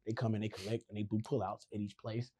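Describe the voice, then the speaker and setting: A male comedian telling a wild story on a podcast in an animated, profane way, acting out the voices in it. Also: lowish voice, fast talker. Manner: animated, profane, acts out the voices in his stories.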